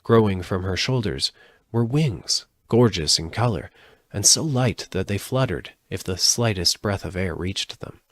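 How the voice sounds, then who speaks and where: A man reading a storybook aloud live, expressive, with occasional slips and restarts. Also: low voice, a little slow, dry recording. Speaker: audiobook reader.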